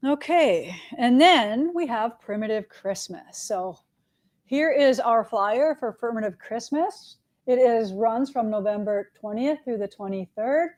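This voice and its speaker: A woman's voice: a little high, lively intonation, unhurried, darkish tone. A middle-aged woman, hosting a casual live stream for her quilt shop and running through announcements in a chatty, upbeat way. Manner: chatty and upbeat, lots of "all right" and "right?".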